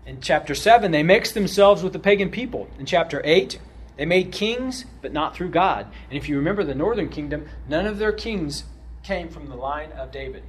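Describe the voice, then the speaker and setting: Male Bible teacher, slightly high voice, animated, loud-then-quiet delivery, keeps asking "right?"; faint background noise. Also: normal speed. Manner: animated, often checks in with "right?"; swings between loud emphasis and quiet asides.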